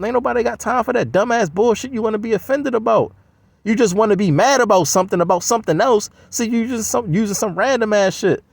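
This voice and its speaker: A man's voice: sits high, creaky, slightly rough, dry recording. A man delivering a blunt, heavily profane, scoffing solo rant. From United States.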